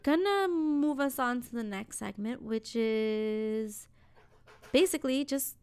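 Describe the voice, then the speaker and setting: A woman's voice: on the high side, takes it slowly, clear, resonant tone, no room sound. A woman casually telling an exasperated story on a podcast, with lots of "like". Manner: exasperated, animated retelling with lots of "like".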